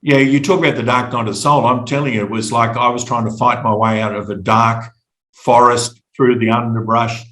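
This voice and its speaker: A middle-aged Australian man telling his personal story as a podcast guest, halting and reflective, often repeating words. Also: medium pitch, steady tone, a bit bright, echoey room, poor audio.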